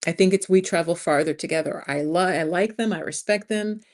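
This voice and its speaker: Speaking fairly quickly in a low, darkish voice, a woman in her fifties from New York hosts a laid-back livestream. She's frank with her audience and calls them "you guys."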